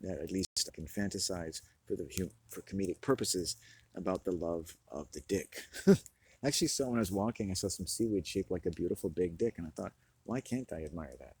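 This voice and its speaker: A man's voice: sits low, a little fast, a little mellow, husky, no echo. A man talking in a rambling, self-mocking comic monologue, often breaking into laughter.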